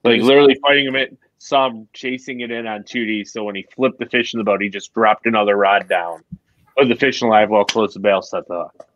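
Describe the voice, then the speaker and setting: A man's voice: on the low side, fairly even intonation, a little fast, a bit bright, no room sound. A man from New York guesting on a fishing podcast, rambling through stories in a thoughtful way. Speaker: guest angler. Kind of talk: casual podcast chat. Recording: dull dry lo-fi audio.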